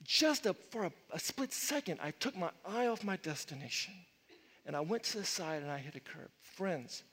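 A middle-aged male pastor preaching a sermon, telling stories with animated swings and sudden loud outbursts. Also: high-pitched, normal speed, a little hiss or hum. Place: church sanctuary with long reverb. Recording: reverberant church hall.

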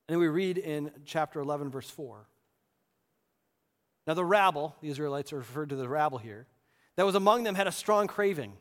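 A man's voice: a little high, animated, fairly quick, long pauses, big-room sound. A man preaching a sermon as a pastor, casual and conversational with rhetorical questions.

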